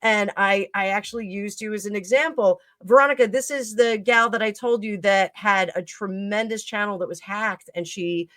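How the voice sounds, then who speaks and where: Woman, tarot-reader host, chatty and rambling, bright tone, dry close mic. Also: mid-range voice, fairly even intonation, normal speed, few pauses, dry recording. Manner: chatty, rambling with many fillers and restarts. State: coughing at times. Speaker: tarot reader hosting a live stream. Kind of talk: casual live-stream chat.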